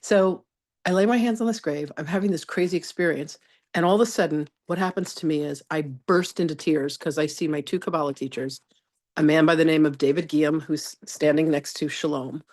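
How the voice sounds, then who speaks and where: A woman's voice: low-pitched, a little fast. Chatty woman telling a spiritual story. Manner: animated, chatty, addresses students by name. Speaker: spiritual teacher. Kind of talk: live online masterclass storytelling.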